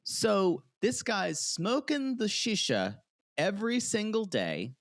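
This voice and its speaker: A man's voice: high-pitched, slow, no echo, studio quality. A man co-hosting a podcast, recapping a reality show in casual chat and acting out what people said. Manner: animated, acts out quotes in voices. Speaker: podcast co-host.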